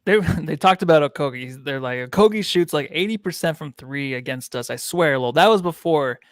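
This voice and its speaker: A man's voice: fairly high pitch, animated, moderate pace, dry recording, studio quality. A man co-hosting a casual sports podcast, joking and goofy, swearing freely. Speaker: podcast co-host.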